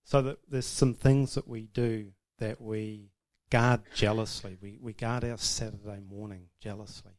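A man's voice: lowish voice, little pitch movement, unhurried, few pauses, a little mellow. A man giving an informal, self-deprecating testimony about marriage to a church audience, laughing often. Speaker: speaker sharing about marriage.

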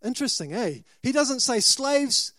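A man's voice: high-pitched, expressive, measured pace, dry recording. A man with a New Zealand accent preaching a sermon, questioning and dramatic, rising to emphatic bursts.

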